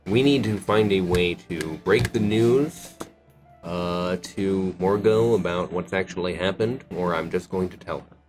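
A man playing a tabletop game, speaking dry and deliberate. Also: low-pitched, a little mellow, soft background music. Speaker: player. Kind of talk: casual in-character play.

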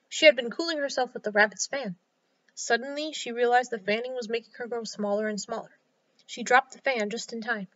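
A woman storyteller reading a children's story aloud in a clear, expressive way. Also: fairly high pitch, fairly quick. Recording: slightly dull lo-fi sound.

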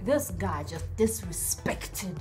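A young woman tells a personal story to her viewers in a chatty, animated way. She slips into different voices to act out the dialogue, while soft music plays faintly behind her. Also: fairly low pitch, slow. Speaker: vlogger. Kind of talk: storytime vlog.

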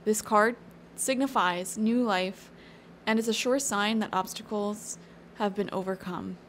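An encouraging woman talks through a tarot reading in a loose, chatty way, often thinking aloud with little fillers. Her voice sits at an ordinary middle pitch, with a faint hiss of noise in the background. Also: measured pace. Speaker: tarot reader. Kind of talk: casual spoken tarot reading.

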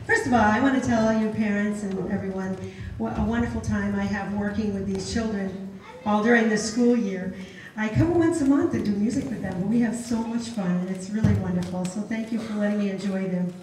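A middle-aged woman performing a high-energy live children's show, coaxing the kids to join a sing-along. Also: a little fast, darkish tone. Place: room at a live children's event. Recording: echoey, noisy live room from far off.

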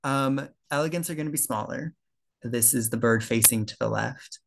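A man's voice: mid-range voice, moderate pace, creaky. A young man giving a casual slide presentation to a birding club, talking loosely with fillers and self-corrections.

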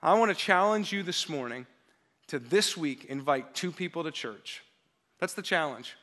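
A male pastor delivering an energetic sermon at a church service, building to emphatic preaching and leading the congregation in call-and-response. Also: fairly high pitch, normal speed.

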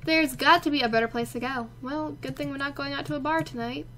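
Bright, excitable young woman commentating a game. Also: high-pitched, quick pace, slight background noise. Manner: chatty, excitable, talks to her game characters. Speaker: let's play host.

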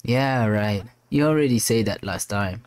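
A man's voice: fairly low pitch, unhurried, natural voice. A man voicing a jumpy, bossy young male space captain in a game. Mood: startled.

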